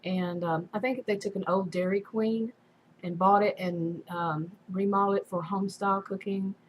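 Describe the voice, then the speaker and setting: A woman's voice: mid-range voice, fairly even intonation, moderate pace, slight background noise, rough recording. A woman casually telling a personal story in a rambling way, full of fillers and restarts. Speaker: vlogger.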